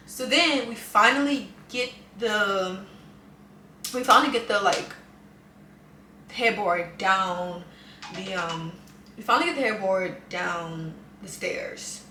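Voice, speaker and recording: Speaking at a measured pace with medium pitch, a twenty-something woman from New Orleans, USA, spins an animated, dramatic, chatty story for her vlog. The casual storytime is captured on a camera mic, with her voice a little off-mic amid roomy echo and a faint hum.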